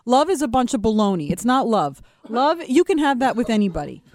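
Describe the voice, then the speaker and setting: A woman's voice: a little high, very animated, a little fast, a little mellow. A woman co-hosting a radio talk show, giving blunt, sassy opinions in casual banter. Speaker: radio co-host.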